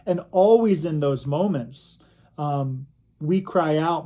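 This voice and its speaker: A young adult man giving a recorded reflection sermon for a church youth group, telling stories slowly and earnestly. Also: on the high side, animated, warm tone. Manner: slow, earnest storytelling.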